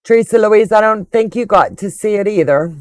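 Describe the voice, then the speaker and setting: A woman's voice: medium pitch, fairly quick, no room sound. An older woman hosting a quilting livestream, chatting casually and gushing affectionately over viewers' comments.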